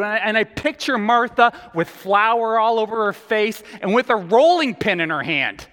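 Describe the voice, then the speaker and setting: A male pastor preaching a sermon, animated and conversational as he tells the story. His voice sits higher than most men's. A long reverb from the hall trails behind his words. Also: normal speed, hardly any pauses.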